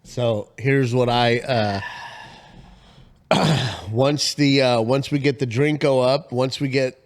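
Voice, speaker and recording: A man in his forties, co-hosting a casual podcast, telling a story and acting out the quotes with big jumps in pitch. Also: fairly even intonation, takes it slowly. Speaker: podcast co-host.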